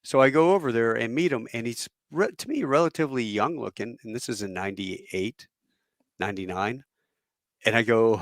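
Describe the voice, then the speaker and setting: Host, fifties, male, gravelly; rambling storyteller who voices his quotes, dry close sound. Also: medium pitch, fairly quick, no room sound. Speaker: podcast host and former Marine pilot. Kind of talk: casual chat, anecdotal storytelling.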